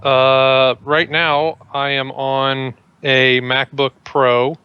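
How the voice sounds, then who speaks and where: A man's voice: medium pitch, level tone, extremely slow, clean tone, no echo, highs cut off. A man chatting on a casual podcast, easygoing and laughing often.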